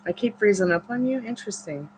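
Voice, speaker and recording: A woman's voice: medium pitch, animated, fast, a little mellow, a little hiss or hum, low-quality recording. Woman, livestream host, casual rambling chat, outdoors, faint background ambience. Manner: rambling, chatty, filler-heavy. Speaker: tarot reader livestream host. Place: outdoors at home.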